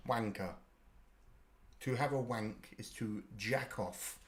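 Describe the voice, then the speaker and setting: A man's voice: fairly low pitch, slow pace. Chatty British man swearing casually. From United Kingdom. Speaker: live-stream host. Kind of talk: casual live reaction chat.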